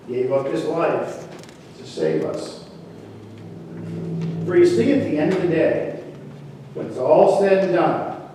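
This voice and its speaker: A man's voice: fairly high pitch, a little mellow, distant mic, a little hiss or hum. A male pastor preaching a sermon in a church, telling a story in a folksy, conversational way. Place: church sanctuary. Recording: echoey church hall from afar.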